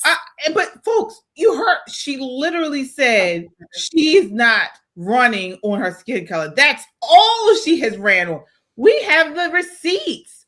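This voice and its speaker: A woman's voice: sits high, very animated, slow pace, fairly bright tone. A woman hosting an opinionated commentary show, incredulous, reading out viewer comments. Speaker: host.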